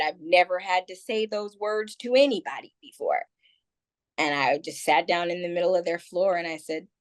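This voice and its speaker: A woman guest on a podcast, telling a personal story in candid, rambling conversation full of "like" and "um". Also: deep voice.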